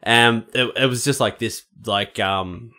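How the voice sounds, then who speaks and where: A man's voice: fairly low pitch, unhurried, pushed and bright. A man co-hosting a podcast, chatting casually with friends and telling stories with plenty of fillers and the odd swear. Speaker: podcast co-host. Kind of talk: casual chat among friends.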